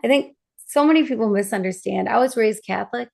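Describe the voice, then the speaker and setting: Gravelly-voiced woman hosting an interview. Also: fairly high pitch, fast talker, a little mellow. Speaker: podcast host. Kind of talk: interview conversation.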